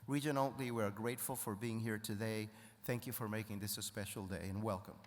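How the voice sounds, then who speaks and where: A man serving as provost at a ceremony, introducing speakers in a measured, formal way. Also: on the low side, steady tone, long reverb tail, a little hiss or hum. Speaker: university provost.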